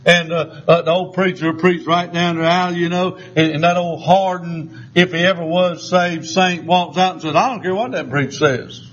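An older man with a drawl preaches to his congregation, spinning folksy, joking stories. His voice sits high for a man, and the recording sounds a little dull and muffled. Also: flat delivery, normal speed, hardly any pauses, fairly bright tone. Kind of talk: sermon.

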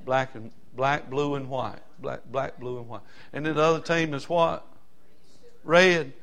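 A male pastor preaching a sermon, fervent and folksy, moving from quiet asides to loud hollering. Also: mid-range voice, steady tone, measured pace.

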